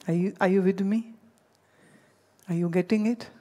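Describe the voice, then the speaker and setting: A woman's voice: medium pitch, steady tone, moderate pace, long pauses, warm tone, big-room sound. A woman from India giving a spiritual discourse, telling stories and addressing her listeners directly. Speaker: spiritual teacher.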